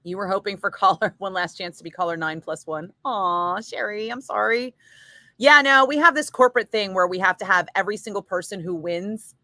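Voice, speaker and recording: A middle-aged woman radio DJ chatting casually with listeners between segments, frank and quick to laugh, swearing now and then. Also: on the low side, sharp tone, no room sound.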